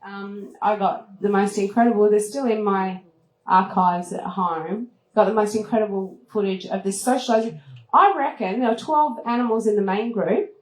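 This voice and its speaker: Woman, travel host, live talk, animated, laughs a lot, mid pitch, roomy echo. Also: moderate pace. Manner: lively, laughs often, acts out moments with high squeals. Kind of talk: animated storytelling to an audience. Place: event room at a retreat. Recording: roomy echoing hall.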